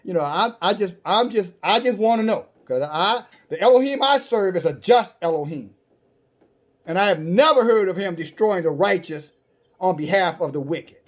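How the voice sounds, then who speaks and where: A man's voice: a little high, animated, a little fast, darkish tone. A man voicing the biblical Abraham as a streetwise, profane old man who bargains and pleads. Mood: placating.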